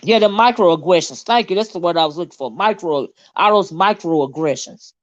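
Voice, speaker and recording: A woman's voice: on the low side, moderate pace, no room sound, lo-fi sound. A woman, hosting a casual livestream, reading viewer comments and ranting with lots of swearing. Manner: animated, indignant, swears freely, reads chat aloud. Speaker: livestream host.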